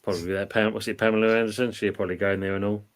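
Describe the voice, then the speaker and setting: A man hosting a casual livestream, reading chat comments aloud in a relaxed way. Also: fairly low pitch, rapid-fire. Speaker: show host reading live chat.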